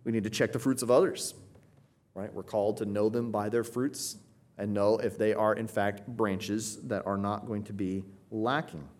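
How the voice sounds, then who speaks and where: A man teaching a Bible passage, earnest and emphatic, slowing down to explain Greek wording and often checking in with "right?". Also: lowish voice, steady tone, darkish tone.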